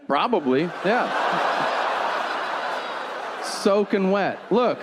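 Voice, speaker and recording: Guy doing stand-up, bouncy pitch jumping around while he acts out dialogue, crude jokes, lots of crowd noise. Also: expressive, unhurried, pauses often. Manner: storytelling with acted-out dialogue, profane punchlines. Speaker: stand-up comedian. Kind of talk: stand-up comedy set. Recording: live venue with audience laughter noise. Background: audience laughter.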